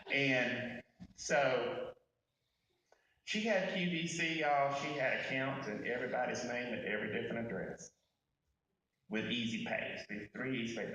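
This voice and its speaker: A man's voice: medium pitch, fairly bright tone, slight background noise. Folksy man speaking from far off in an echoey room. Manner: folksy and candid, addressing the crowd directly. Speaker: eulogy speaker. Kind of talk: personal eulogy with humorous stories.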